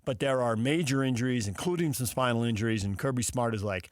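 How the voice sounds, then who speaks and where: A man's voice: mid-range voice, fast, no room sound, studio quality. A man hosting a sports talk show, riffing casually with sarcastic asides and mock dialogues.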